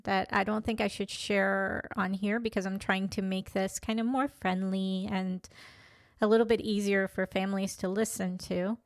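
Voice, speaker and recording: A woman in her fifties talking candidly in a reflective personal monologue, pausing and restarting as she thinks. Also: medium pitch, little pitch movement, dry recording, studio quality. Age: 50s. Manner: thoughtful, candid, with frequent pauses and restarts. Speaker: vlogger.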